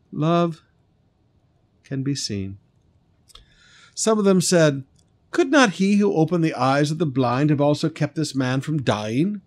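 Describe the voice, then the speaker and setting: Retelling a scripture story from the pulpit, this pastor builds rising emphasis on key lines and sometimes sings brief phrases. He has a somewhat high, expressive voice, speaks slowly, and pauses often.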